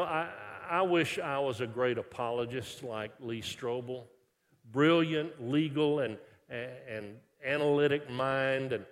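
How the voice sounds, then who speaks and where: A man from Texas, preaching a sermon in a lively, conversational way with frequent restarts, dropping soft when quoting scripture. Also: medium pitch. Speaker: pastor. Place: large church worship center. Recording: long reverb of a large hall.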